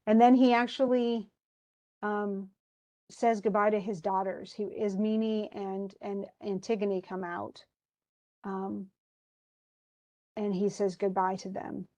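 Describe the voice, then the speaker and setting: A woman teacher speaks slowly at medium pitch with little pitch movement, pausing often in a slightly mellow voice. She retells a tragic play for her class in a chatty, casual lecture, restarting frequently and sounding wistful about the tragedy.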